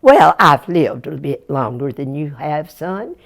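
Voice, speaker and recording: A woman voicing a fond, patient country mother in a told folktale, scolding gently in a folksy drawl. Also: low voice, big pitch swings, unhurried, gravelly, heavily acted. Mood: explaining.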